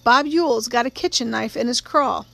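A woman's voice: on the high side, moderate pace, gravelly, a bit bright, slight background noise. A woman voicing a blunt, stubborn male small-town sheriff in his forties who talks in a plain-spoken drawl. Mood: earnest.

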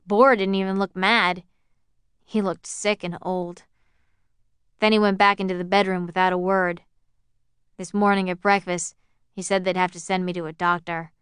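A woman narrating an audiobook in the first person, with a smooth, clear voice. She reads at an even, measured pace. The sound is dry and close. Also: fairly low pitch, no echo.

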